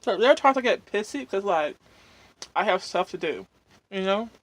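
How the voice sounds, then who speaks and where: With an expressive, medium-pitched voice that's slightly rough, this woman speaks at a moderate pace while eating on camera. As a mukbang vlogger she rambles and vents casually, full of fillers and happy hums between mouthfuls.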